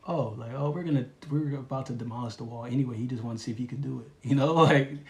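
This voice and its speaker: A man giving a casual spiritual reading, talking in a relaxed, rambling way with slang and lots of fillers. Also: medium pitch, quick pace, echoey room. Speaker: tarot reader.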